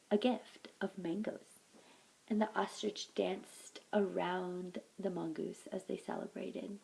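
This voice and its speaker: A woman storyteller reading a folktale aloud, often softly and close to a whisper. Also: lowish voice, vocal fry, rough recording.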